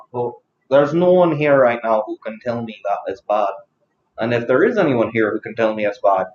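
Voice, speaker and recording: A man's voice: mid-range voice, a little mellow, a little hiss or hum. A man hosting a live stream, rambling and joking at his own expense while he talks to his chat. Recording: roomy, slightly dull recording.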